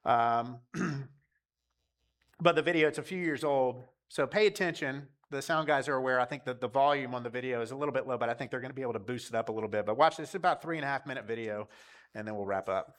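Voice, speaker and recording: A man's voice: medium pitch, quick pace, a bit bright. A man preaching a sermon to his church in an earnest, conversational way. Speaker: pastor.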